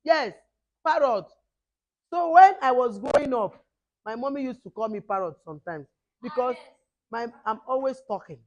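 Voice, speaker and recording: A middle-aged woman with a hoarse voice, leading children at a camp in lively call-and-response. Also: on the high side, normal speed, long pauses. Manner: animated, call-and-response, mixing two languages. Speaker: camp teacher.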